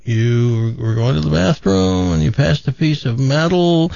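A man voicing a mother who gently reassures her teenage children. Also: medium pitch, expressive, unhurried, vocal fry, dry recording, highs cut off. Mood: soothing. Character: calm soothing mother of triplets.

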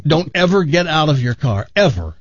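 Animated radio host with husky voice. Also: male voice, fairly high pitch, normal speed, dry recording, highs cut off. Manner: animated joke-telling, laughs at own story. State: jaw sore after dental work. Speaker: radio talk show host. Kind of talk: casual storytelling on radio.

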